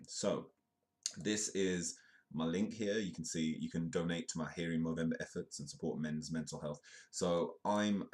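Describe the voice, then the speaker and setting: Very deep-voiced hoarse British man streaming. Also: moderate pace, a little mellow. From United Kingdom. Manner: rambling, lots of ums and restarts, jokey asides. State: hoarse, voice sounds bad. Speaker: live news comedy streamer. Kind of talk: casual live-stream chat.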